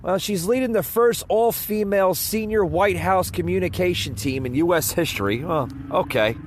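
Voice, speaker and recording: A man with a voice a bit above the usual pitch talks through a podcast episode in a loose, rambling way. He trips over his words, chuckles, and turns scoffing and opinionated. Faint car noise passes behind him. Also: normal speed. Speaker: podcast host. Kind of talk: casual political commentary. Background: faint car noise passing by.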